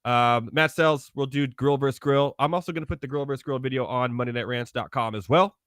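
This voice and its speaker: A man hosting a casual podcast, upbeat and quick to laugh, plugging the show and chatting with guests. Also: medium pitch, steady tone, fairly bright tone, no echo, studio quality. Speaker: podcast host.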